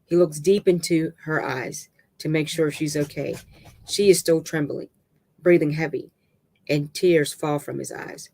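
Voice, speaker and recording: A narrator reads a dramatic novel aloud at a steady middle pitch, now and then stumbling over a word and starting it again. The reading is halting and plain, with no polish to it.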